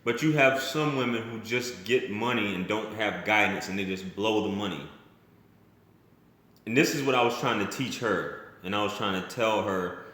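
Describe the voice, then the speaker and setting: A man's voice: fairly low pitch, moderate pace, fairly bright tone. A man telling a personal story in a casual vlog, blunt and rambling, often restarting his sentences and using slang. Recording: very echoey room.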